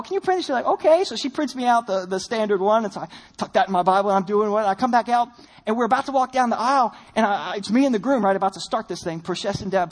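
A young man preaching a sermon, telling a personal story in an animated, self-deprecating way. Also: high-pitched. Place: church sanctuary.

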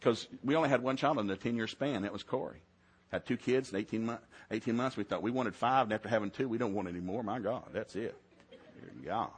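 A man's voice: lowish voice, a little fast, breathy edge. A middle-aged man, preaching a sermon in a folksy storytelling way. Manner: folksy storytelling, swings to loud shouted preaching. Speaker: pastor.

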